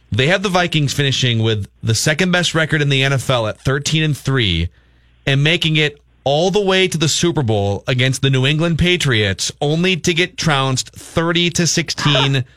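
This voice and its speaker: A man's voice: medium pitch, a bit bright, dry recording, clean studio sound. A man hosting a casual sports radio chat, loose and hesitant with many fillers.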